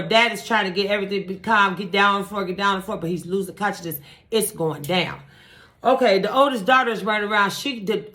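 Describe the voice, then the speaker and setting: Animated profane woman storyteller. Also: medium pitch. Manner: animated, profane, with sound effects. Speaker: vlogger. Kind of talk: casual true-crime storytelling.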